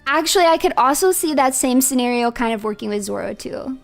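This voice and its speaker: Playful, chatty woman streamer with a high voice; soft music behind her. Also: lively intonation, a little fast, gravelly. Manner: chatty, playful, laughs often. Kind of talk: casual livestream chat.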